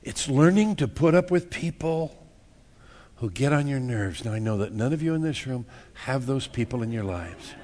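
A man's voice: mid-range voice, expressive, normal speed, a little mellow. A joking, folksy male pastor preaching. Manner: folksy and joking, acts out little scenes, repeats words. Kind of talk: sermon. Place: church.

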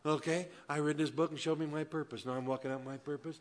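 A pastor preaching a Wednesday evening church sermon, swinging between loud, emphatic lines and quiet, conversational asides, with a folksy manner full of "man" and "you know". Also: a little high, steady tone, quick pace.

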